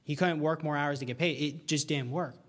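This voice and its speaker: A man's voice: on the high side, brisk. Earnest young man preaching a sermon. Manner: earnest, animated, repeats words when excited.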